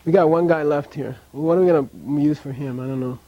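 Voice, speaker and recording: A man's voice: fairly high pitch, fast talker, dull audio. A man teaching a language class in a classroom, chatty, often checking in with "okay?" and drilling pronunciation.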